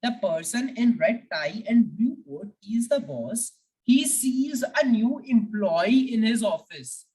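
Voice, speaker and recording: A woman teaching a beginner French lesson, with a slow, deliberate pace and a lively pitch. She repeats words patiently and stretches out each French sound. Her voice sounds a little distant from the mic. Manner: patient, repetitive, slows down to spell out French sounds.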